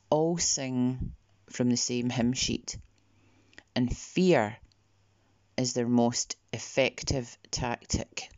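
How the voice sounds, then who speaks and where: A woman delivering a podcast monologue in a slow, deliberate way, sometimes dropping to a near whisper. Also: extremely low pitch, a little mellow, dry recording. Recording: dull, lo-fi dry recording.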